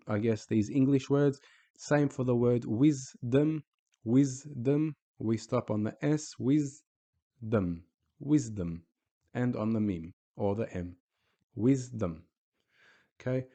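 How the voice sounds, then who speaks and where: A man's voice: mid-range voice, dark tone. A man teaching a recorded Arabic lesson, speaking patiently and repeating each example word.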